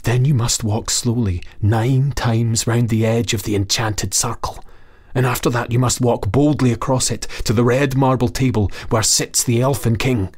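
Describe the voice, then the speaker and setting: A man's voice: medium pitch, fairly even intonation, moderate pace, darkish tone, slightly rough, voice pushed up, lightly acted. A man voicing a sorrowful, wrinkled old goblin who was once a mortal, in a storybook reading, wailing and whispering. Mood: hushed warning.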